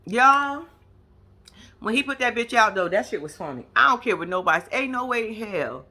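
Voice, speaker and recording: A brash, profane woman rants her reactions to a reality show. Her voice sits a little high and sounds bright and forceful, and she tells the story in an animated, gossiping way. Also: normal speed. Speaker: reality TV commentator. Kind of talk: casual reaction commentary.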